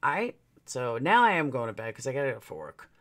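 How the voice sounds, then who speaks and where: A woman's voice: rumbling low, very animated, fast talker. A woman vlogger telling a personal story, candid and profane, with emotional swings.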